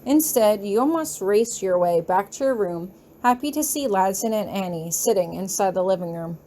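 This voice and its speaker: A woman narrates a fan fiction audiobook in a calm, measured way. Her voice is mellow and warm, with faint noise in the background. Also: medium pitch. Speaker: audiobook reader.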